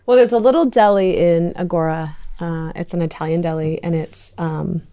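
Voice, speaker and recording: A woman's voice: fairly low pitch, steady tone, moderate pace, dark tone. A woman co-hosting a podcast, asking interview questions in a casual, teasing chat. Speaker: podcast co-host.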